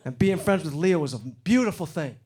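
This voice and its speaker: A middle-aged man from Detroit doing a stand-up comedy set on stage, getting loud and animated when he acts out other people. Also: fairly high pitch, a little fast, slightly rough. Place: comedy stage before a live audience. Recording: live show with loud crowd laughter. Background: crowd laughing.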